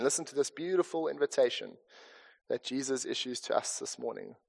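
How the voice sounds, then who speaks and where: A man's voice: medium pitch, brisk, creaky. A man with a South African accent preaching a conversational, earnest sermon with chatty asides, in a church hall. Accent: South African English. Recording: long reverb of a church hall.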